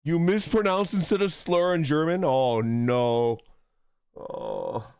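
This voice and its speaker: High, lively male streamer, giggly and flustered. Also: takes it slowly, clear, resonant tone, dry recording. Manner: laughing often, flustered and joking while struggling to read German menus. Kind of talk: casual gameplay livestream.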